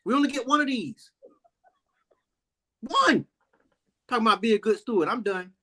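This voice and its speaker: Man, fitness trainer, African American Vernacular English accent, animated preachy rant in a casual chat. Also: high voice, racing.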